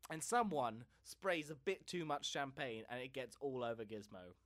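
A man's voice: medium pitch, normal speed, a bit bright. A man co-hosting a comedy podcast, telling a story casually, often repeating words as he goes and laughing. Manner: stammering repetitions, frequent laughs. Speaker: podcast co-host.

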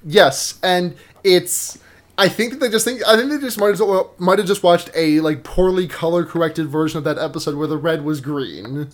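A man's voice: on the high side, normal speed. Rambling jokey male podcast host. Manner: rambling, self-interrupting, jokey. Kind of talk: casual podcast chat.

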